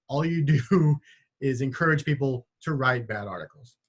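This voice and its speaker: A man's voice: mid-range voice, expressive, moderate pace, breathy edge. A man hosting a casual podcast, joking dryly and often stumbling over his words as he riffs. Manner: wry, stammers and restarts when riffing. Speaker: podcast host.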